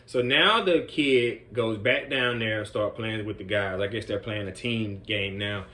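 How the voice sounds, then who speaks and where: A man's voice: lowish voice, unhurried, sharp tone. A man working as a group home counselor tells a story in a loose, conversational way, full of "man" and "you know". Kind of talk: casual storytelling vlog.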